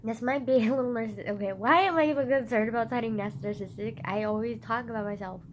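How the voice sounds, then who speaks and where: Squeaky-voiced woman, sick and a bit husky. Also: fast talker, slight background noise. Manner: loud, giggly, swears a lot, self-mocking. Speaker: vlogger. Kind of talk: rambling casual chat to camera. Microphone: phone front camera.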